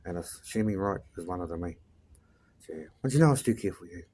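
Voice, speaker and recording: A man's voice: deep voice, expressive, a little fast, darkish tone. A man, a life coach talking bluntly and profanely in a casual motivational monologue, ending his sentences with "eh".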